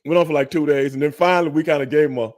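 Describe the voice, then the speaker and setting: An older man telling a story in casual chat, animated, acting out quotes and cursing freely. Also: on the high side, very fast. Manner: animated, acts out quotes, curses freely, laughs. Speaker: storyteller guest, former wrestler.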